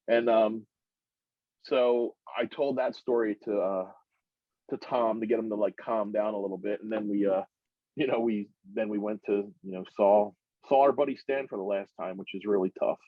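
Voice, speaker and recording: A middle-aged man on a podcast, telling a long, rambling personal story that climbs much higher in pitch as he gets worked up. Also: normal speed, no room sound. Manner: rambling, animated storyteller who climbs high when excited. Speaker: podcast guest. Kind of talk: casual storytelling. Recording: muffled, dry recording.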